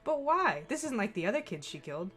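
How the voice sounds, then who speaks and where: A woman streaming a game, reading its narration aloud with animated, laughing asides. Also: a little high, fast talker, faint music behind. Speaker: let's play streamer. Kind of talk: reading a visual novel aloud with commentary.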